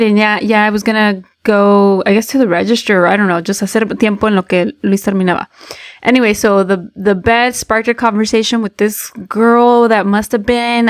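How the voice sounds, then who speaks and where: A woman in her thirties co-hosting a casual chat show, telling stories and mixing English and Spanish. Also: mid-range voice. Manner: chatty storyteller, code-switches between English and Spanish. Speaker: podcast co-host.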